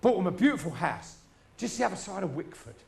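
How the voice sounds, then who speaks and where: A man's voice: high-pitched, sing-song, fast talker, gravelly, a little mellow. A middle-aged man telling crude stories in a stand-up routine, swearing freely. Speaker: stand-up comedian. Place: live show before an audience.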